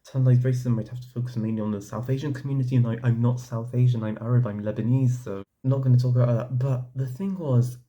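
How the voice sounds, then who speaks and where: A man's voice: medium pitch, steady tone, fast talker, hardly any pauses, warm tone, dull audio. A young man talking casually to camera, giving his opinion in a rambling way with lots of "like" and restarts. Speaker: vlogger.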